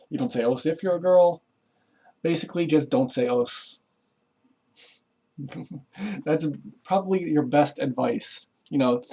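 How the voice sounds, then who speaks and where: A man's voice: mid-range voice, warm tone. A man giving a rambling, casual explanation to camera, full of fillers and swearing, chuckling as he goes. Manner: rambling, profane, chuckles often, lots of fillers. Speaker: vlogger.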